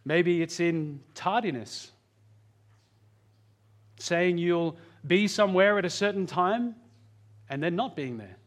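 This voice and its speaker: Earnest high-voiced man preaching. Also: slow, long pauses. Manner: earnest, varies pitch and pace for emphasis. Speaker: pastor. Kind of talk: sermon.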